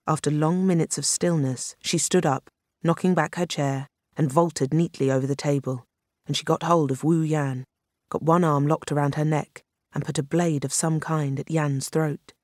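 An audiobook narrator reading a thriller in a measured, even way. The voice sits at a middle pitch. The recording is dry and close, with no room sound. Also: dry recording. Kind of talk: scripted narration.

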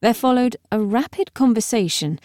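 A woman narrating an audiobook in a measured, expressive way. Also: a little high, no room sound, clean studio sound. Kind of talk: scripted narration.

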